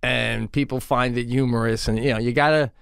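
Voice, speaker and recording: A middle-aged man co-hosting a comedy podcast in casual chat, telling stories in an animated way, laughing often and swearing freely. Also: mid-range voice, a little fast, vocal fry, clean tone, no echo, clean studio sound. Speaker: podcast co-host.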